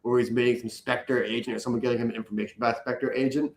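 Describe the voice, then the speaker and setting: Young male guest from the US East Coast, animated joker, in a roomy, echoey space. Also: mid-range voice, fast. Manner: animated storyteller, jokey, acts out quotes. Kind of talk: casual chat.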